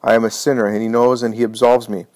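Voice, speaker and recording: A man's voice: mid-range voice, level tone, quick pace, darkish tone, no room sound, lightly acted. A man voicing an anguished male disciple who pleads and accuses himself, in a dramatized reading of a religious book.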